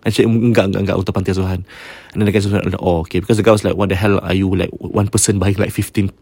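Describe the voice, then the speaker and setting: A man's voice: low voice, flat delivery, racing, creaky, breathy edge, no echo. Singaporean man retelling a ghost story. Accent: Singaporean English. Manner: mixes Malay into English, many restarts; drops to a hush for eerie parts.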